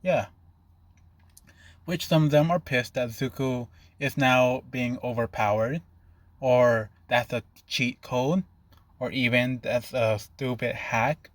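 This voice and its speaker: A man's voice: mid-range voice, fairly even intonation, slow, no room sound. A man narrating an improvised fan fiction story in a loose, rambling way, often stopping to rephrase.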